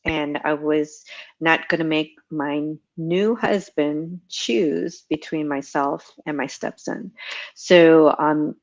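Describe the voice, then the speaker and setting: A middle-aged woman, a retired Navy veteran, telling her story with many ums and restarts in a relaxed interview. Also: deep voice. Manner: rambling, many ums, laughs at herself. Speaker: guest, retired Navy chief petty officer. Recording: muffled lo-fi audio.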